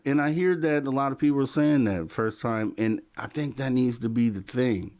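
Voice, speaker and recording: A man's voice: mid-range voice, normal speed, few pauses, a little mellow. Laid-back male talk show host. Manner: laid-back, repeats himself. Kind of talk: late-night call-in talk show.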